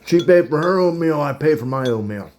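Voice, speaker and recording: Laughing at his own story and eating between lines, a male podcast host in his thirties from around Pittsburgh tells a rambling, chatty account of his dating history. His voice sits on the high side, expressive and fairly quick, slightly mellow, with a little background noise. The talk is casual storytelling.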